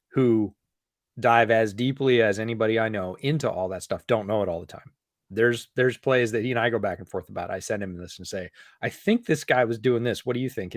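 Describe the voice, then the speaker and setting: A man co-hosting a podcast in casual chat, explaining points in a measured way and repeating them for emphasis. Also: mid-range voice, dry recording, clean studio sound. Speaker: podcast co-host.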